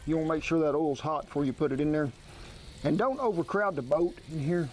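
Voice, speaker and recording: A man's voice: fairly high pitch, fairly quick, a little hiss or hum. Folksy man with a country drawl. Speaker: cooking show host. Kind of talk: folksy cooking demonstration.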